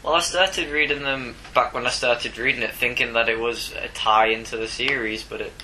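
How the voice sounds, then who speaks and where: A man's voice: mid-range voice, fairly even intonation, moderate pace, sharp tone, slight background noise, low-quality recording. A Northern English man co-hosting a comics podcast. He gives short, laid-back replies and dry jokes. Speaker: podcast co-host. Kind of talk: casual comics review chat.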